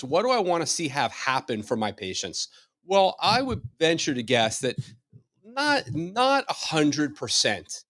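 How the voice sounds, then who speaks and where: A man's voice: a little high, a bit bright, no echo, studio quality. A middle-aged man, a chiropractor, leading a wellness workshop in a chatty, joking way, with many rhetorical questions and frequent restarts. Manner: repeats words when starting sentences. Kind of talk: informal live workshop talk.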